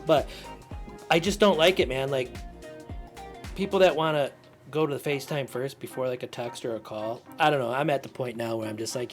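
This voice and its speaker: Animated man venting bluntly on a podcast. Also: mid-range voice, brisk, faint music behind. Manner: animated and blunt, with casual swearing. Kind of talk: casual chat.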